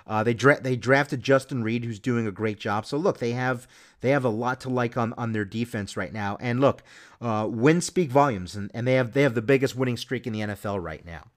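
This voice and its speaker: A man's voice: medium pitch, fairly quick. A man hosting a sports podcast, talking casually and rambling with many restarts and fillers. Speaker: podcast host.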